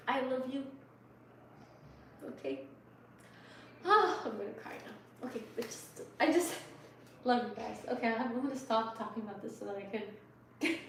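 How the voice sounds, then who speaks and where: A woman in her thirties closing out a livestream from her home kitchen, talking softly and heartfelt, rambling with many fillers. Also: on the high side, far from the mic, slight background noise. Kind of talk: casual livestream sign-off chat. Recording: echoey room, voice from off the mic.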